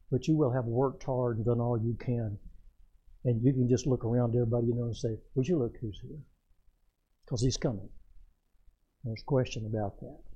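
An older man, a pastor, preaching a folksy, storytelling sermon that swells loud and then drops soft. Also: mid-range voice, husky, lo-fi sound.

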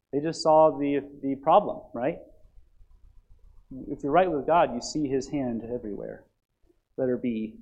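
Heard through poor audio, a pastor preaches a sermon, sinking into soft, low asides before building to loud, emphatic passages. He often checks in with his listeners, asking "right?" and "you see?"

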